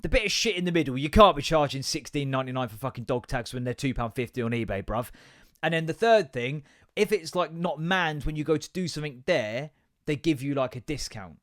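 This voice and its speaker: Young brit guy ranting on a podcast, swears a lot, rambles, higher voice, dry close mic. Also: animated, brisk, a bit bright, no echo. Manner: sweary, rambling, with frequent asides. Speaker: podcast host. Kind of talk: casual comedic rant.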